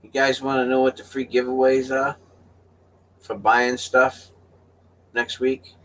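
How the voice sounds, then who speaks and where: A man's voice: medium pitch, completely flat delivery, a little slow, a bit bright, a little hiss or hum. A middle-aged man hosting his own channel, telling a story in a folksy, casual way and laughing often. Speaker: channel host.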